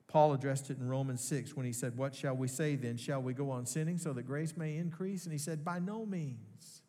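A male pastor delivers an earnest sermon. His voice is mid-pitched and carries a long hall reverb. He swells to strong emphasis, then drops low and slows down. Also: steady tone, dark tone. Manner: earnest preaching with rising emphasis and slow pauses. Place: large church hall.

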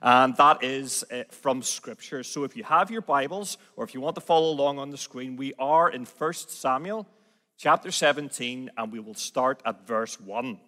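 Bright-voiced Belfast preacher in a reverberant hall. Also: male voice, medium pitch, moderate pace. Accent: Belfast, Northern Irish. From Northern Ireland. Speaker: guest preacher. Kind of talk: sermon with scripture reading.

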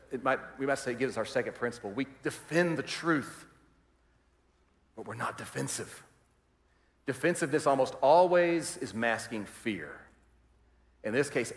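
Animated male pastor in a reverberant hall. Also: medium pitch. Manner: animated, acts out quoted voices, varies volume widely. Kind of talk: sermon. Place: large church hall.

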